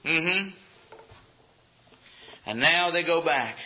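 A man's voice: fairly high pitch, unhurried. A man preaching a sermon in a folksy, conversational way with acted asides. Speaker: pastor. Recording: dull lo-fi recording.

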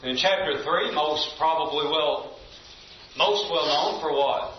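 A man's voice: on the high side, slow pace, a little hiss or hum. A man teaching a Bible study in a church building, reading scripture aloud, stressing key phrases and quizzing the class with questions. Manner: emphatic, reads scripture aloud. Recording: echoey room, distant mic, dull lo-fi.

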